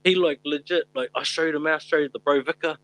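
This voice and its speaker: Bright-voiced, laughing kiwi bloke. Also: male voice, on the high side, fairly even intonation, brisk, rough recording. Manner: swearing, laughing storyteller, calls people bro. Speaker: podcast co-host. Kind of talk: casual chat, storytelling.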